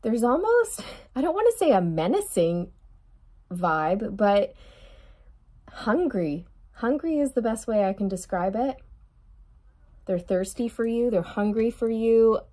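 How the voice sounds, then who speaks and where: A woman's voice: on the high side, very animated, unhurried, mellow. A young adult woman giving a chatty tarot reading straight to her viewer, laughing often and calling her girl. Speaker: tarot reader.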